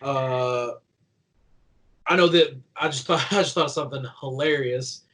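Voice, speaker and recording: Here a young man from Kentucky with a light country twang, a professional wrestler appearing as an interview guest, tells rambling, chatty stories stuffed with "like" while he laughs. His voice is mid-range and a little bright, delivered at a normal speed. It's a low-quality recording of a casual interview.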